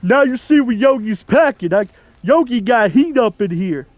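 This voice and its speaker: A man's voice: extremely high pitch, lively intonation, normal speed, no echo, highs cut off, pitched above the performer's own voice. Yogi Bear, as a man puts him on. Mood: swaggering. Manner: swaggering, gangster-style bragging in a classic cartoon voice. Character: boastful male cartoon bear talking tough about guns. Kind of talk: comic voice impression during gameplay.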